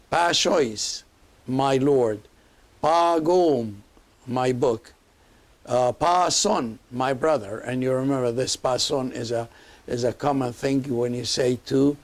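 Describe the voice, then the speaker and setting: A man's voice: medium pitch, a little mellow. A man teaching a language lesson, patient and repetitive, spelling out each sound.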